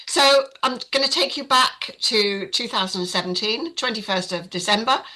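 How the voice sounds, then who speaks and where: A woman's voice: fairly high pitch, moderate pace, sharp tone, rough recording. An older woman telling her personal story as a podcast guest, in a frank, chatty way with many fillers. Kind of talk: casual storytelling.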